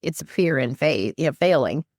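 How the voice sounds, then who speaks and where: A woman guest who is a life coach and minister, talking earnestly about faith and quoting scripture in an animated, preacherly way. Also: deep voice, normal speed, no echo, clean studio sound. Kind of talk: earnest faith-based teaching in conversation.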